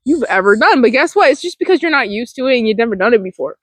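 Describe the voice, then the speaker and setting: A woman hosts a mindfulness podcast, giving a casual motivational talk that rambles loosely, is packed with "like," and includes the odd swear word. Her high, expressive voice moves at a quick pace with hardly any pauses; there's no echo, but the audio is poor.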